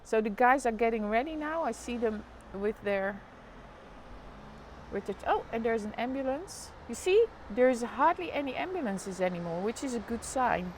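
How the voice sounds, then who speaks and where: A woman's voice: a little high, lively intonation, normal speed, darkish tone, a little hiss or hum. A woman with a Dutch accent chatting casually on a live stream, narrating the street below her apartment window. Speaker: live vlogger.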